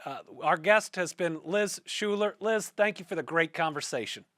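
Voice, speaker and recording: A man with a Kentucky accent speaks with a somewhat high pitch, hosting his own podcast. He moves from friendly interview questions into earnest, fired-up commentary. The sound is dry and close, with no room echo. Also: moderate pace, a bit bright. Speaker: podcast host. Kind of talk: interview then spoken commentary.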